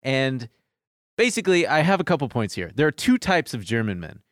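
Animated male podcast storyteller. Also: mid-range voice, dry recording, clean studio sound. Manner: animated storyteller, quick bursts. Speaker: podcast co-host. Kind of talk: casual comedic chat.

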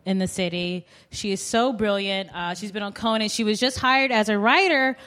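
A woman's voice: medium pitch, moderate pace, a bit bright. A woman co-hosting a live comedy show, enthusiastic as she introduces the next comic. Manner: reactive, laughs often, enthusiastic introductions. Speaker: comedy podcast co-host.

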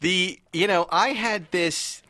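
A man hosts a loose comedy podcast, chatting and tripping over his words as he laughs along. His voice is bright and sits in a dry, close studio sound. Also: sits high, takes it slowly, dry recording. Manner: chatty, stumbling, laughs easily. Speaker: podcast host. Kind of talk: casual comedy interview.

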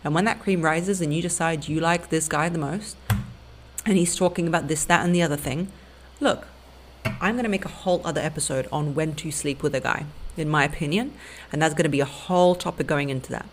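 A woman's voice: low-pitched, brisk, slight background noise. Blunt woman giving dating advice. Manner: blunt, emphatic, lecturing directly to listeners. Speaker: podcast host and dating coach. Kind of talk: relationship advice monologue.

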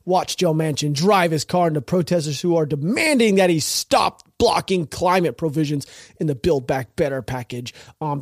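A man's voice: high voice, dry recording, clean studio sound. A man hosting a podcast, giving casual, mocking commentary with a sarcastic edge and frequent laughter. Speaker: podcast host.

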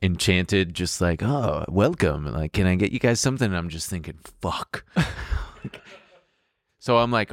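A man's voice: deep voice, animated, a little slow, no echo. A man co-hosting a podcast who makes wry quips in casual chat and tells stories about his dates, mimicking the people in them. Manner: wry quips, acts out a date's voice. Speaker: podcast co-host.

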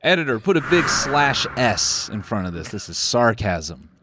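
Podcast host, male, sarcastic riffing, lively up-and-down delivery, dry close sound. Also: fairly low pitch, no room sound. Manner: sarcastic, rambling, laughs often. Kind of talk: casual comedic podcast chat.

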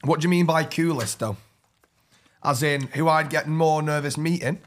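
A man chatting casually on a podcast, excitable and effusive. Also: a little high, moderate pace. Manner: excitable, effusive about food. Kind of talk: casual chat.

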